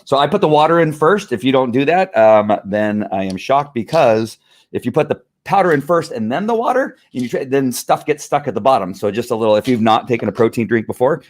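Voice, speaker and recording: A man's voice: mid-range voice, lively intonation, fairly quick. A man chatting casually on a live stream, rambling through a product review with restarts and chuckles.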